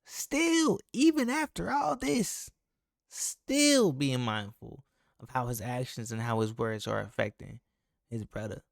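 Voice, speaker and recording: A man's voice: mid-range voice, animated, takes it slowly, vocal fry, no echo, clean studio sound. A man hosting a reaction video, commenting in a heated, emphatic, profane way. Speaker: reaction channel host.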